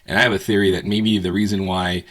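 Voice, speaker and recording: Deep-voiced man, relaxed co-host. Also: quick pace. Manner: relaxed, many fillers like um and you know. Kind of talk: casual market commentary.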